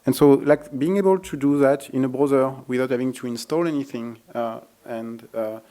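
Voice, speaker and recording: Guy walking through a software demo at a conference, mellow low-key voice, lots of uh and um. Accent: French. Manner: halting, many fillers and restarts. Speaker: conference presenter. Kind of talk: live technical demo talk.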